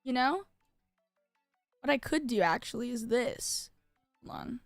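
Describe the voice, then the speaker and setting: A woman's voice: a little high, animated, unhurried, gravelly, dry recording, studio quality, soft background music. A young adult woman streaming as a VTuber, chatting casually and bubbly with lots of filler words while she designs. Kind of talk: casual live-stream chat.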